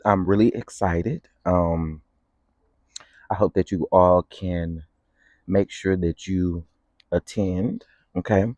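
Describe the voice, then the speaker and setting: A man's voice: sits low, takes it slowly, pauses often, dark tone, dry recording, lo-fi sound. Playful man hosting a morning livestream. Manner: playful, chatty, sing-song greetings. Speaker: livestream host. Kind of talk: casual livestream chat greeting viewers. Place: outdoors in the morning.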